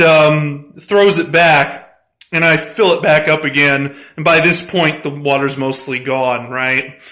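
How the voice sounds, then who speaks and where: High-voiced man rambling through a story. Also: bright, forceful tone. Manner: rambling, profane, often laughing. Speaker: tabletop game player recounting a session. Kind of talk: casual storytelling.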